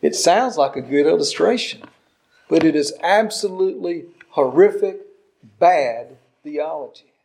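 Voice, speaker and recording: A man in his sixties preaching a sermon, emphatic, with soft asides and loud stresses. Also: a little high, animated, measured pace, creaky. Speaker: pastor.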